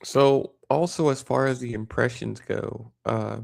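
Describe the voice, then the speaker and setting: A man's voice: medium pitch, steady tone, unhurried, gravelly, dry recording, studio quality. A man hosting a livestream, rambling in casual chat with lots of fillers and restarts. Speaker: livestream host.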